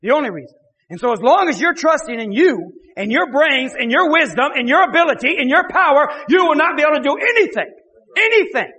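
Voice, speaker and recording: A male pastor preaching an impassioned sermon, often shouting and repeating his phrases. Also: very high-pitched, animated, fairly quick, big-room sound.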